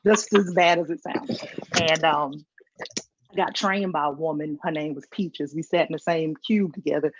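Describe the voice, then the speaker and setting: A woman doing stand-up, telling animated stories and acting out the people in them. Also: deep voice, normal speed, noisy background. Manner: animated, acts out characters in her stories. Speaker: stand-up comic. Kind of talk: stand-up storytelling. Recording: dull lo-fi stream audio.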